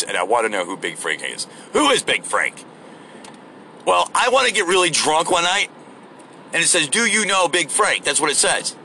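Guy ranting behind the wheel, swears a ton, super bright sharp voice, bit of road noise. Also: high voice. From United States. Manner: profane, rambling, rude and crude. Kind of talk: casual ranting while driving. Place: in a car on the road.

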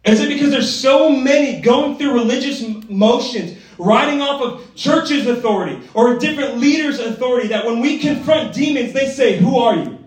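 A man preaches a sermon in a casual, energetic way, tossing in quick checks with his listeners. His voice sits high. He is heard from across a hall with heavy echo. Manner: energetic, conversational, tag questions. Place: church gathering hall. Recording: echoey hall from far off.

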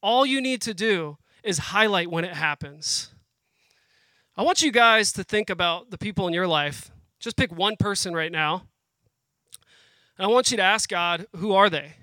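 A man's voice: high voice, bright, forceful tone, dry recording. A man in his thirties preaching a sermon, earnest and conversational, getting emotional as he speaks to the crowd. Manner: emotional, pauses and restarts as he speaks. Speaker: guest speaker at a family worship program.

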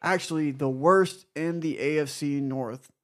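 A man's voice: a little high, a little slow. A man co-hosting a sports podcast, teasing his friends and moving the show along between segments. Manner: teasing, wraps up segments like a host. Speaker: podcast co-host. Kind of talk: casual sports chat.

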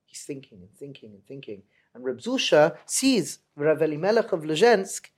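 A man telling a story with animated delivery, dropping to a hush and then rising loud and high. His pitch roams widely as he acts out the tale. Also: moderate pace. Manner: animated, swings from hushed to loud. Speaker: guest storyteller.

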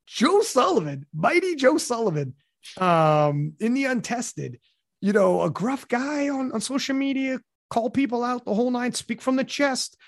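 A man's voice: extremely high pitch, unhurried, dry recording, studio quality. A man hosting a podcast, talking in a rambling, casual way with lots of restarts, fillers and swearing. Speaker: podcast host.

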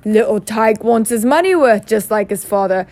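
A woman voicing a stern, blustering middle-aged uncle who talks gruffly. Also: medium pitch, expressive, normal speed, a little mellow, dry recording, lightly acted.

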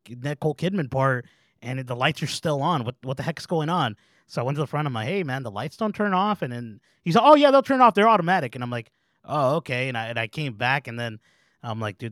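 A man chatting casually, animated and full of mild slang. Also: medium pitch, dry recording, studio quality. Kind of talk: casual chat.

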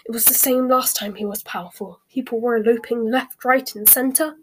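A woman voicing a bustling, worried middle-aged mother witch who talks briskly and sharply. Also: on the high side, fairly even intonation, slight background noise, lightly acted. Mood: fretting.

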